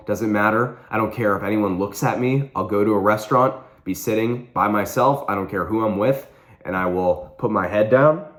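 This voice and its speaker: A man's voice: on the low side, fairly bright tone. A young man vlogging, telling a personal story with earnest intensity and repeating phrases for emphasis.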